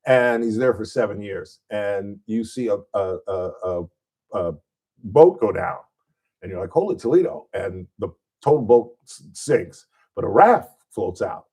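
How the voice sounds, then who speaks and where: A male radio talk show host chatting casually, telling a joke and letting his voice climb high on the punchlines. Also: measured pace, husky. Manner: animated storyteller, voice jumps high on punchlines.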